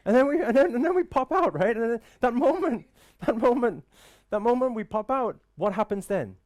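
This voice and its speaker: A man's voice: very high voice, expressive, normal speed, a little mellow. A man giving a live motivational talk to an audience in an event room, full of rhetorical questions and repeated "right?". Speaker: motivational speaker.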